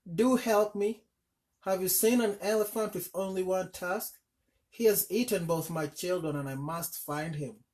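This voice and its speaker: A desperate, determined mother from a folk tale, as a male storyteller puts her on. The voice is raised above his usual pitch and pushed loud and urgent. It is pleading one moment and shouting the next. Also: normal speed, natural voice. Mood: weary pleading. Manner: pleading, then shouting angrily. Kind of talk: storybook reading.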